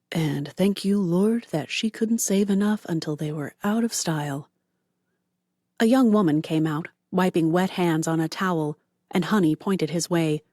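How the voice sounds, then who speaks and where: Low-voiced woman reading an audiobook. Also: darkish tone, dry recording, clean studio sound. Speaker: audiobook narrator. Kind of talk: audiobook narration.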